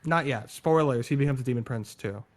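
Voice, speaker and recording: A man in casual chat, excitedly explaining game lore, swearing and going on tangents. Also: medium pitch, a little fast.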